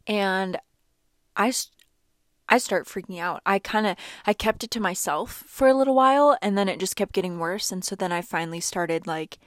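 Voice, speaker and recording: A young woman vlogger tells a personal story in a chatty, animated, casual way, packed with "like" fillers. Her medium-pitched voice moves at normal speed on a studio-quality recording with no echo.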